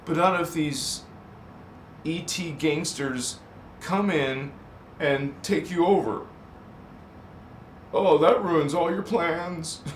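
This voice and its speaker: Slow, rambling man with frequent laughter. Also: fairly high pitch, slight background noise. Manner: rambling, goes off on tangents, laughs often. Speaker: channel host. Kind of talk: live stream chat, reading viewer comments. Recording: roomy echo.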